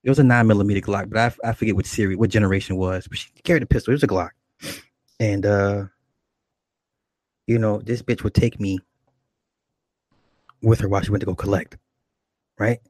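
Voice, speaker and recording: Man telling a profane comic story in a low, husky voice, with laughing asides. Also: fairly even intonation, fairly quick, long pauses, a little mellow, no echo. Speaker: comedic storyteller.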